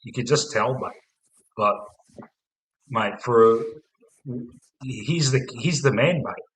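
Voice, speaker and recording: A man's voice: medium pitch, slow pace, slight background noise, poor audio. A man with an Australian accent hosting a casual footy stream, swearing often and padding with "mate" and "man". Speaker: host of a fan stream.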